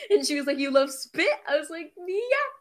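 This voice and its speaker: A teenage girl co-hosts a podcast with a slightly high voice. She rushes her words, stumbles now and then, and swears freely in easy, casual chat. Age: teens. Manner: fast-talking, swears often, stutters. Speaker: podcast co-host.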